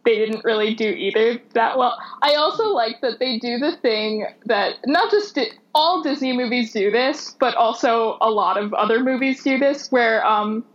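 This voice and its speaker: A woman's voice: fairly high pitch, normal speed, hardly any pauses, muffled recording. A woman casually discussing movies, chatty, laughing often and restarting her sentences.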